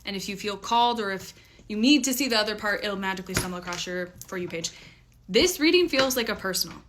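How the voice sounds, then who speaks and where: A woman's voice: medium pitch, expressive, fast talker, background noise. A woman giving a casual, chatty tarot reading to her viewers, full of fillers and playful asides. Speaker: tarot reader.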